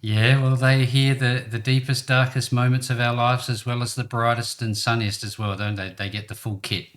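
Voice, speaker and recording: A man's voice: medium pitch, little pitch movement, moderate pace. A man hosting a business interview show, encouraging his guest and laughing along with him. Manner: warm, encouraging, laughs often. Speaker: host.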